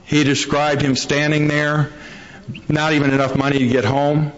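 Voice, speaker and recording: A man's voice: fairly high pitch, little pitch movement, moderate pace. A man telling his recovery story to a meeting, a folksy storyteller who acts out the quotes. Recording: dull lo-fi recording.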